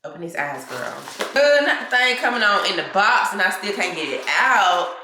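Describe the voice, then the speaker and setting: A woman's voice: mid-range voice, very animated, moderate pace, pushed and bright, roomy sound, a little hiss or hum. A young woman, just out of bed, chatting casually to her viewers while she cooks and unboxes things in her kitchen at home. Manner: chatty, talks to viewers as y'all and girl, loose casual grammar. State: just woke up. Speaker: vlogger. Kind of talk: casual chat to camera.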